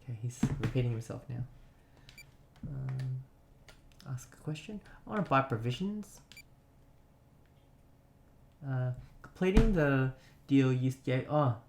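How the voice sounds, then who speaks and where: Man, casual game commentary, nostalgic chat, mid pitch, roomy echo. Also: animated, measured pace, vocal fry, long pauses, a little mellow, slight background noise. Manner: chatty, nostalgic, reads on-screen text aloud. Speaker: let's play gamer.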